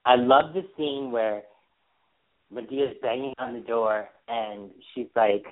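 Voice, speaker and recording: A man co-hosting a podcast in casual chat, expressive and quick to laugh. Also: medium pitch. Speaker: podcast co-host. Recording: tinny phone-like audio.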